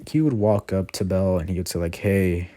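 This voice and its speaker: A man's voice: low-pitched, expressive, fast talker, mellow, dry recording. A man casually retelling a fan story, rambling with constant fillers and self-corrections. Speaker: channel host.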